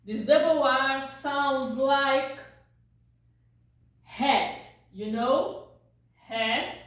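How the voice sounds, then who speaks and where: Brazilian-accented woman, native Portuguese speaker, very slow patient lesson, high voice, echoey room and distant mic. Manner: patient, repeats words, frequent "ok?" checks. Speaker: language teacher. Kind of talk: slow song-lyric vocabulary lesson.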